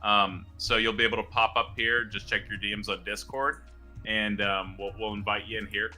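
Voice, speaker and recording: A man's voice: on the low side, steady tone, pushed and bright, faint music behind. A man hosting a debate livestream, talking casually with many fillers and restarts. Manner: halting, filler-heavy, repeats words. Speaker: stream host and moderator.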